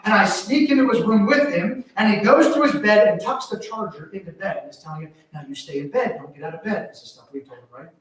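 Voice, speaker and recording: A high-voiced man preaching a sermon in a church, his voice ringing through a very echoey hall. He sounds like he is standing well away from the mic. He tells stories with animated swings between hushed asides and loud exclamations. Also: recorded from a distance. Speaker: pastor. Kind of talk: sermon with personal story. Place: church sanctuary.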